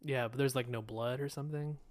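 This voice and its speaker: A man's voice: medium pitch, steady tone, fairly quick. A man co-hosting a podcast, chiming in with short questions and agreement. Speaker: podcast co-host. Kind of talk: casual chat.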